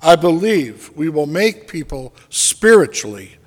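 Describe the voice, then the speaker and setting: Slow-preaching man in a reverberant hall. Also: a little high, sing-song. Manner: slow, deliberate preaching with dramatic pauses. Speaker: pastor. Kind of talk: sermon.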